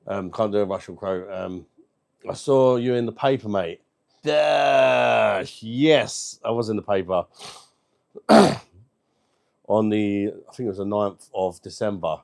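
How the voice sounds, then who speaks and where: This man's voice sits on the low side, creaky and a little mellow, and he takes his time. Hosting a casual beer review livestream, he reads viewer comments aloud with cheeky banter and plenty of swearing.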